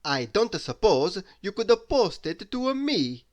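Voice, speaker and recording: A woman voicing an eager, naive male seal who talks loudly and excitedly in a storybook reading. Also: medium pitch, slow. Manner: loud, excited, pleading.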